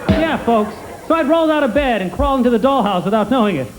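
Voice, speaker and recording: A man's voice: very high-pitched, expressive, fast talker, a crowd in the background, noisy background. A man doing a stand-up comedy routine in a sketch, with brash wisecracking patter that needles the audience. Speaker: stand-up comic character.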